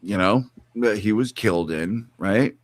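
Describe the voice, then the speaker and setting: A middle-aged man hosting a casual chat, animated and swearing freely as he acts out bits of stories. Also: lowish voice, measured pace, dry recording, studio quality. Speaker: podcast host.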